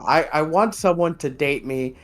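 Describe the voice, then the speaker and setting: A man's voice: a little high, moderate pace. A young man co-hosting a podcast in casual chat, rambling, laughing often and swearing. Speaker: podcast co-host.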